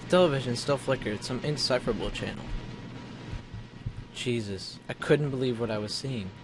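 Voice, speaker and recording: A mid-pitched man with a slight lisp talks through a game into a home desk mic. He reads the game's text aloud in a casual way, stumbling and correcting himself, with wry little asides. A faint hiss sits under his voice. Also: normal speed. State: slight lisp from a mouth sore. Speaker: let's play host.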